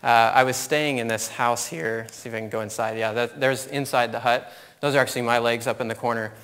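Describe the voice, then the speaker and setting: A man in his thirties giving a conference talk, telling a personal story in an animated way and laughing at his own story. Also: mid-range voice, fairly quick, smooth. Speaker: conference speaker. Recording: long hall reverb.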